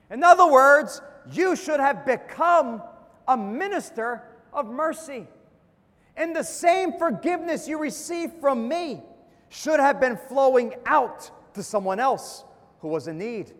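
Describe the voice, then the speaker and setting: A man's voice: very high-pitched, animated, measured pace, a bit bright. A man preaching a sermon as pastor, with emphatic dips and rises and calls for an amen. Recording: long hall reverb.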